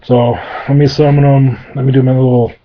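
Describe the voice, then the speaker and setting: A man's voice: mid-range voice, little pitch movement, fairly quick. A man telling a loose, crude, improvised story in a rambling way, in a dull lo-fi recording. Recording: dull lo-fi sound.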